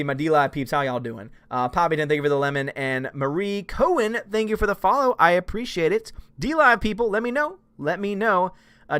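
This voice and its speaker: Male live-stream host, slightly high voice, animated, casual chat-reading delivery. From United States. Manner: animated, jokey, reads viewer comments aloud.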